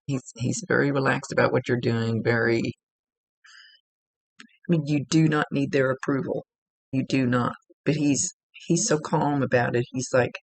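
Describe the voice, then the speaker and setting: Psychic medium, woman, gravelly and husky, halting delivery, dry close sound. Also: extremely low pitch, fairly even intonation, no room sound, low-quality recording. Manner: halting, searching for words. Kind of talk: giving a one-on-one reading.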